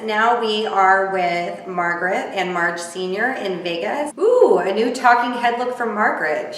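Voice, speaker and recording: A woman's voice: medium pitch, a bit bright, slight background noise. A woman giving a chatty, snarky, gossipy recap of a reality TV episode as she watches it. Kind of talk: casual live recap commentary. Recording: echoey room, distant from mic.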